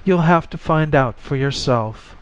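A man's voice: a little high, a little slow, slight background noise, voice pushed up, close to an everyday voice. A man voicing a desperate disembodied male voice in limbo, pleading and sad, in a slightly muffled recording.

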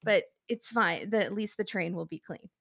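A woman's voice: medium pitch, normal speed, creaky, fairly bright tone, no echo, studio quality. A woman guest co-host recapping a reality show in casual, chatty talk. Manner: chatty, laughing reactions.

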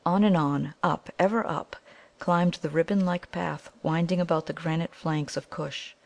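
A woman narrating a children's adventure novel in a measured way. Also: sits low, steady tone, vocal fry. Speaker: audiobook reader. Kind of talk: storybook narration.

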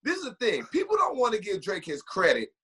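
High, bright, husky-voiced man ranting. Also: huge pitch swings, brisk. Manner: emphatic, opinionated, storytelling. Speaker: podcast co-host. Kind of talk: casual podcast chat.

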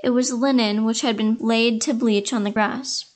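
A woman reads a classic fairy tale aloud in a measured, expressive way. Her voice sits slightly high. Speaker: storyteller. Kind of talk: scripted fairy-tale narration.

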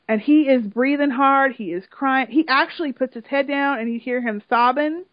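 A woman with a high, bright-pitched voice tells a story in casual chat, swearing and getting worked up as she goes. The sound is dry and close, with a dull lo-fi tone. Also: a little fast, few pauses, dry recording. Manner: animated, emotional storytelling with swearing. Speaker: podcast co-host recapping a reality show.

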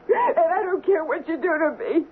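A high-voiced lonely crook's wife in an old radio play, tinny. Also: female voice, a little hiss or hum, full character voice. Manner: pleading and bitter. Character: lonely, browbeaten gangster's woman, desperate. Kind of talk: 1970s radio drama acting.

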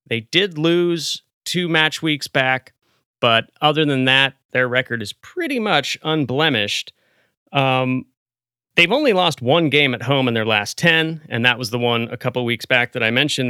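A man's voice: mid-range voice, bright, forceful tone, clear, resonant tone, no room sound, studio quality. A man from the United States co-hosting a podcast, giving wry, confident analysis. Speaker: podcast co-host.

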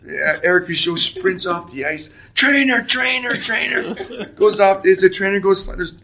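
Brief: forties Canadian man, a guest spinning lively stories, rough and edgy in tone. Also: high voice, normal speed. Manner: animated storyteller, shouts out quoted lines. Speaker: guest, former pro hockey player. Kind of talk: storytelling interview.

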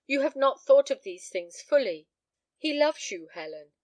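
A woman's voice: high-pitched, big pitch swings, normal speed, darkish tone, no echo, pitched above the performer's own voice. A woman voicing a grave, anxious elderly father, speaking solemnly and earnestly.

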